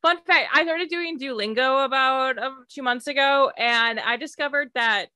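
A woman's voice: high voice, normal speed, bright, forceful tone, smooth. A woman cohosting a book podcast, telling a story with giggles and animation. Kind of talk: casual podcast chat.

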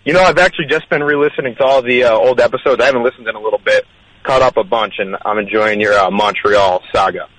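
A man's voice: lowish voice, fast, a bit bright, no echo, poor audio. A man calling in to a radio show, chatting casually and hesitantly with lots of fillers. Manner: laid-back, hesitant with fillers. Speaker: caller. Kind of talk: casual phone-in chat.

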